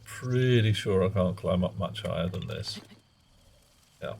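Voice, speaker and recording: A man's voice: sits low, unhurried, vocal fry, darkish tone, slight background noise. A man giving casual, wry commentary while streaming a game, muttering self-mocking asides. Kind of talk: casual live gameplay commentary.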